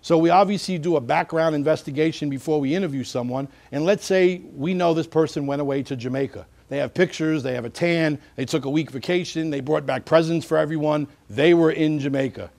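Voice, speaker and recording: A middle-aged man teaches as a security trainer in a lively, animated way, slipping into short bits of example dialogue. His voice sits a little higher than most men's. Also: fairly quick, creaky, few pauses. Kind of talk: instructional talk.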